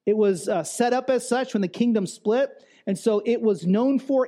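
A man's voice: sits high, warm tone. A male pastor giving a sermon in a conversational way, with restarts and emphatic repetition.

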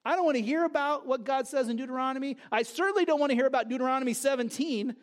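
Man doing an impatient ancient king, high-pitched, brushing things off, sermon retelling. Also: very fast. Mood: dismissive. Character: defiant idol-worshipping ancient king, male.

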